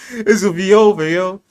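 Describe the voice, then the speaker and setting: A man hosting a casual panel chat, boisterous and profane, laughing often and acting out the voices he quotes. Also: high-pitched. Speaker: host of a live panel stream.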